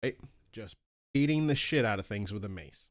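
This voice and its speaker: A man co-hosting a casual podcast, telling gaming stories with lots of swearing and excited squeaky voices for his asides. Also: moderate pace. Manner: animated storytelling, swears freely, jumps up in pitch for quoted asides. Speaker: podcast co-host.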